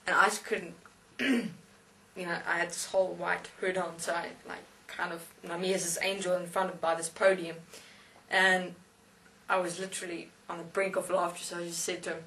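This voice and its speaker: A woman's voice: fairly low pitch, fairly even intonation, moderate pace, a bit bright. A woman casually telling a comic anecdote, laughing along and swearing freely. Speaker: storyteller. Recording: voice distant from the mic.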